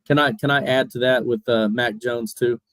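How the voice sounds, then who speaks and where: A man's voice: medium pitch, steady tone, normal speed, fairly bright tone, no echo, rough recording. A man on a sports podcast panel, emphatic, who often stammers at the start of a sentence. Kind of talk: casual sports chat.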